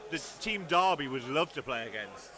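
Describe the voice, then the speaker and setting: A man's voice: mid-range voice, expressive, normal speed, pushed and bright. A man co-commentating on a live stream, bantering playfully with mock outrage.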